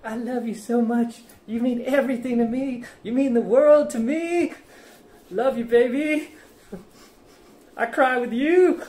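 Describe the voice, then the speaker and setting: Man playing a clingy young boyfriend pleading in a raised, drawn-out voice. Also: darkish tone, echoey room. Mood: gushing. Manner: high, gushing, drawn-out pleading.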